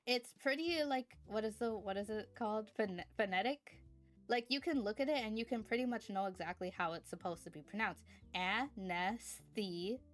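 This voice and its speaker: A woman's voice: mid-range voice, lively intonation, brisk, soft background music. A woman streamer in casual chat, rambling from topic to topic and thanking her chat viewers.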